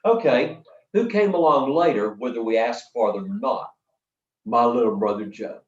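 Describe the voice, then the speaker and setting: An older man leading a storytelling workshop, talking to a live audience in a folksy, lively way with dramatic pauses. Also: medium pitch. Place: workshop hall. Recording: roomy, distant, dull sound from the back of a hall.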